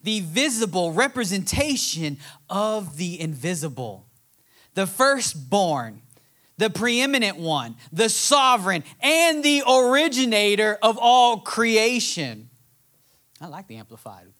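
A man's voice: sits high, big pitch swings, takes it slowly, a bit bright. A man preaching a sermon, reading scripture aloud and building to emphatic, passionate points. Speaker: pastor.

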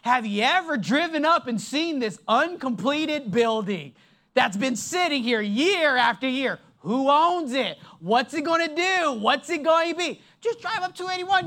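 A preacher giving a sermon in an emphatic, deliberate way, dropping his voice low to stress points. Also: fairly bright tone.

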